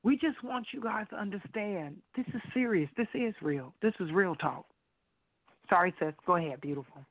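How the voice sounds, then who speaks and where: A woman's voice: medium pitch, expressive, moderate pace. A woman co-hosting a faith talk radio show, speaking emphatically and passionately in a casual, preachy way. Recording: tinny phone line.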